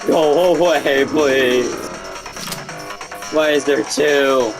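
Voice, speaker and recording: A man's voice: medium pitch, extremely slow, over music. A man giving casual gameplay commentary, swearing and yelping when he panics. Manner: excitable, swears, yelps in panic. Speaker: gameplay streamer.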